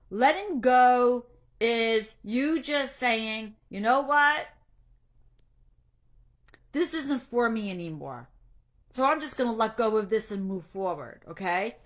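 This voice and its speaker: A woman anxiety coach giving an earnest, faith-based encouragement talk, emotional and halting, stumbling and restarting as she speaks. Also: fairly high pitch, a bit bright. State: emotional, near tears.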